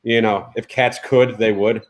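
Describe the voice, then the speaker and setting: A man's voice: on the low side, steady tone, a little slow. A man in a casual chat over drinks, playful and chuckling.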